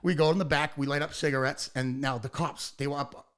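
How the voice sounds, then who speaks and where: An American man in his forties tells a story in a loose, relaxed podcast conversation. He swears constantly and acts out the other people's lines as he goes. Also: a little high, a little fast, clean tone. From United States. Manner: animated, profane storytelling with acted-out quotes. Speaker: podcast guest, hardcore band singer. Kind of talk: casual storytelling chat.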